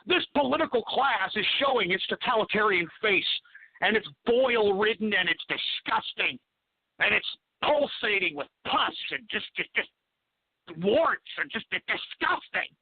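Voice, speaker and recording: A man's voice: high voice, animated, a little slow, breathy edge, no echo. A man hosting a talk radio show, ranting angrily and cursing as he takes calls. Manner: profane, angry ranting. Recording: tinny phone-like sound.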